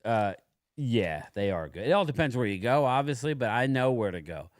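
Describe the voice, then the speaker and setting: A man's voice: medium pitch, very animated, normal speed, no room sound, studio quality. A man hosting a casual livestream chat, rambling and laid-back as he tells stories. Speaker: livestream host.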